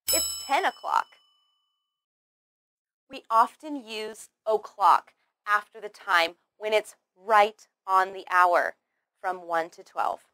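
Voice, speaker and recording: Here a woman's slightly high, fairly bright voice guides a learner through English pronunciation. The lesson is slow and scripted, with deliberate over-articulation, repeated drills, and praise, recorded with no room sound.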